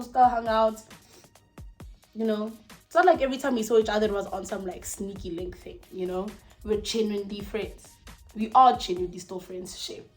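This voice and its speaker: Chatty South African woman telling a story. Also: on the high side. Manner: animated, chatty, swears freely, trails off. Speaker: vlogger. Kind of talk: casual storytime. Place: her room at home.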